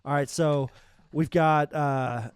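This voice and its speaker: High-energy blunt man, smooth voice. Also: steady tone, takes it slowly, no echo. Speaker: podcast co-host. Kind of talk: casual podcast chat.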